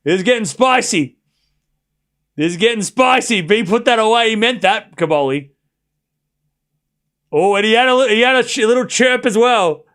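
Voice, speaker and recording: Brief: high-voiced male streamer, excitable play-by-play, laughs a lot. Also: moderate pace, pauses often. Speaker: streamer host. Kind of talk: live watchalong commentary.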